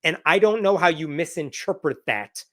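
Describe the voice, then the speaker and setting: Indignant man with a higher voice. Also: lively intonation, moderate pace, sharp tone. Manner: indignant, emphatic, sarcastic. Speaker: commentator. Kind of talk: commentary reading from a lawsuit.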